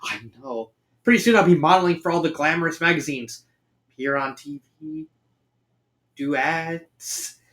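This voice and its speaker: A man voicing an excited, fashion-loving young woman from a cartoon, gushing, in a fan fiction reading. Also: fairly high pitch, moderate pace, long pauses.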